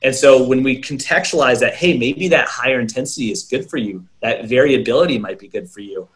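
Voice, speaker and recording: A young man speaking at an ordinary mid pitch, earnest and explanatory. He runs through lists of examples and keeps checking in with a quick "right?" as he talks to an interviewer. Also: fairly bright tone. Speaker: brain health coach, interview guest.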